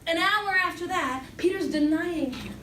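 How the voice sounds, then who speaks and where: A young woman giving an animated Bible talk as a youth speaker, storytelling with lively acted-out quotes. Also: extremely high pitch, moderate pace. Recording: echoey hall from far off with background noise.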